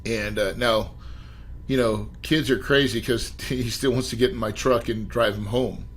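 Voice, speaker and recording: A middle-aged man speaks as a podcast guest, at an everyday pitch. He tells his story with emphatic bursts and keeps turning to address the host. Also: fairly even intonation, normal speed, slight background noise, poor audio. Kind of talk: storytelling interview.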